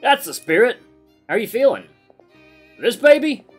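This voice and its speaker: A man's voice: very high-pitched, very animated, normal speed, faint music behind, voice pushed up, heavily acted. A man voicing a cocky, teasing young man in tactical armor, in a game read-aloud. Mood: boastful. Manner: teasing, playful banter.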